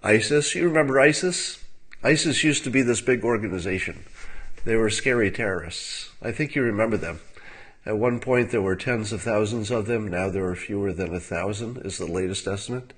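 Low-voiced man musing wryly. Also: brisk, husky. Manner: wry and musing, with filler words and soft laughs. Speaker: commentator. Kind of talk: casual livestream commentary.

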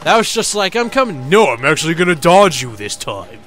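A young man doing casual let's-play commentary, joking and swearing a lot, with animated outbursts. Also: on the high side, fairly quick. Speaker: gameplay commentator. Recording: faint game music behind.

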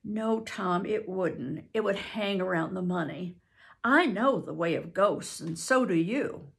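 An older woman voicing a superstitious, easily frightened boy in a storybook reading, her voice raised higher for him. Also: lively intonation, unhurried, creaky, a bit bright, slightly rough, heavily acted. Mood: scared.

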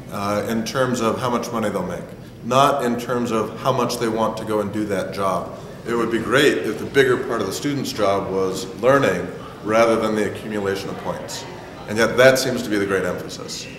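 A teacher being interviewed, speaking in a reflective, measured way. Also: male voice, fairly low pitch. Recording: echoey hall with crowd noise.

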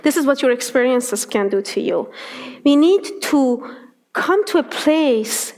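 A woman preaching at a church, telling a personal story as testimony. Her voice sits high. She tells it in an animated way, acting out the people in the story. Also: a little slow. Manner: animated storytelling with acted quotes. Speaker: speaker. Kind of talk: sermon testimony.

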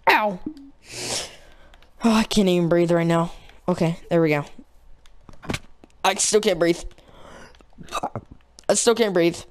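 A woman's voice: sits low, slight background noise. A young woman playing a game and chatting casually as host of her gaming channel, playful and talkative. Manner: playful, chatty, talks to in-game animals in a squealing baby voice.

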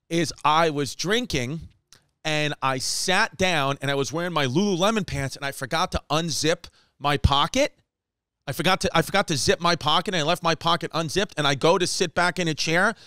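A man's voice: fairly high pitch, smooth, no echo, clean studio sound. A man, a comedian and podcast host telling a rambling story and acting out the people in it. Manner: animated, acts out quotes, rapid run-on storytelling.

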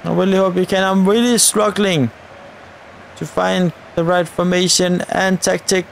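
A man's voice: high-pitched, steady tone, measured pace, creaky, a little hiss or hum. A man giving live commentary over his football video game, urging the on-screen players on and talking to his viewers. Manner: addresses viewers directly. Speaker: gaming channel host.

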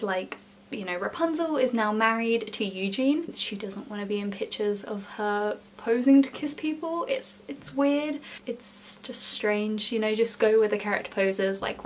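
A young woman chatting casually in a storytelling vlog, with many "like" fillers and lively emphasis. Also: mid-range voice, a little hiss or hum. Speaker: former theme park character performer.

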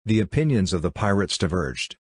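Male audiobook narrator, steady, deep voice, dry close sound. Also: fairly quick, breathy edge, dry recording. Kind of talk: scripted narration.

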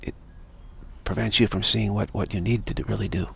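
A man's voice: lowish voice, fairly even intonation, a little fast, vocal fry, fairly bright tone, breathy edge. A man giving an unscripted spiritual talk as its teacher, repeating phrases over and over. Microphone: livestream mic.

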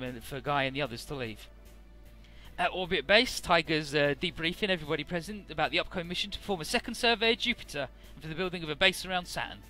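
A man's voice: on the high side, bright, forceful tone. A man casually recapping a game's story, chatty, with many filler words and the odd swear. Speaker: let's play narrator.

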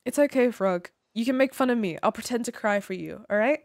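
Her voice is on the high side, slightly mellow and a little fast, captured in clean studio sound with no echo. This woman streams a game and chats loosely with her viewers, cracking jokes, cursing heavily, and breaking into theatrical, playful laughter.

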